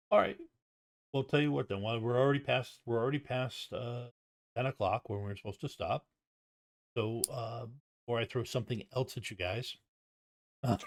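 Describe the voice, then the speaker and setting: A man running a tabletop game on a stream, talking casually and haltingly with many pauses and restarts. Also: mid-range voice. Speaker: game master. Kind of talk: casual game master chat and stream sign-off.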